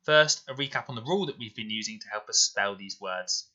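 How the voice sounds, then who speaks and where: A man teaching a recorded spelling lesson to children, explaining slowly and clearly and repeating words with care. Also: lowish voice, bright, forceful tone. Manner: slow, clear, deliberate explanations. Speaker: primary school teacher. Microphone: voice-over to slides.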